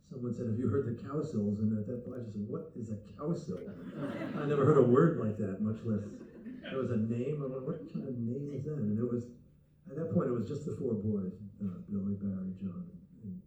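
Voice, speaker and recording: Older man telling a lively story onstage. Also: lowish voice. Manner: animated storyteller, acts out dialogue. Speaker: guest musician. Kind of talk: storytelling anecdote. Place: theater stage before an audience. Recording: echoey, distant, dull sound with faint noise.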